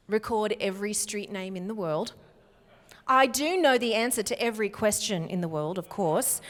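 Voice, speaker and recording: An Australian woman telling stories in a live keynote speech, animated and acting out quoted voices. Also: mid-range voice. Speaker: keynote speaker. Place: conference hall. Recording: long reverb of a conference hall.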